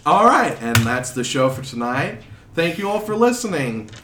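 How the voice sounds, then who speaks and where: A man's voice: on the high side, big pitch swings, normal speed, background noise. A man narrating a tabletop game as game master, telling the scene with vivid expression. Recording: roomy echo.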